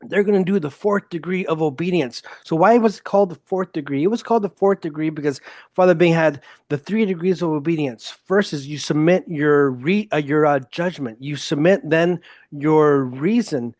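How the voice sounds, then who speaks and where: A man's voice: a little high, normal speed, darkish tone, no room sound. Blunt, emphatic male podcast host. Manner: blunt, emphatic, openly profane. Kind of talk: casual solo podcast monologue.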